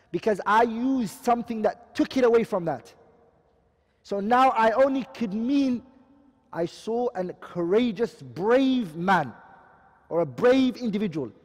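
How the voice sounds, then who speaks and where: High-voiced man lecturing in a hall. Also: a little mellow. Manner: explains terms and keeps asking the class questions. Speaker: Islamic studies teacher. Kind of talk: classroom lecture.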